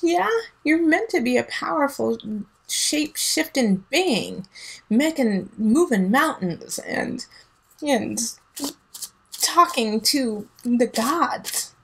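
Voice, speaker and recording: A woman's voice: sits high, animated, takes it slowly, gravelly, slight background noise, rough recording. A woman giving a casual tarot reading, emphatic and teasing, laughing often, with a son at home. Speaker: tarot reader.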